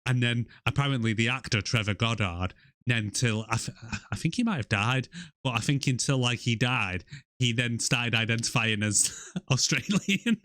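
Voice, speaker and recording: A British man co-hosting a movie podcast, loose and jokey, laughing easily as he chats. His voice sits in a middle pitch, recorded dry and close with no room sound. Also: animated, moderate pace, bright, forceful tone, dry recording. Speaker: podcast co-host. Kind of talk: casual movie review chat.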